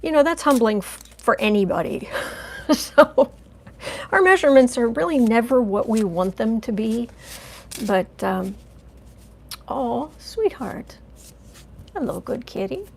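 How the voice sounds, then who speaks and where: A woman's voice: a little high, unhurried, gravelly, a little hiss or hum. A woman hosting a tarot channel, chatting in a rambling, casual way on a live stream. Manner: chatty, rambling, coos softly to her cat. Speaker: tarot reader, channel host.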